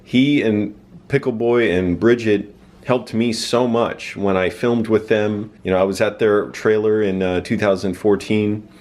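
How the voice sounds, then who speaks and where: A man's voice: fairly low pitch, fairly even intonation, a little slow, a little mellow. A man talking casually to the camera, rambling through memories with plenty of fillers. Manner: rambling, many fillers and restarts. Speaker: YouTuber.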